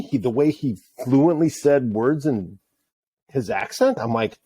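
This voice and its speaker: A man's voice: medium pitch, unhurried, breathy edge, no room sound. Joking middle-aged man from Wisconsin. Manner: joking, animated storyteller. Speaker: podcast co-host. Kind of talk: casual chat.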